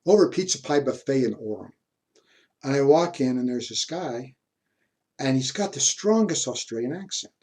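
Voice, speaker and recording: A man's voice: mid-range voice, animated, moderate pace, a little mellow. A man giving a university history lecture, telling personal stories in a chatty way and chuckling often. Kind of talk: classroom lecture with anecdotes.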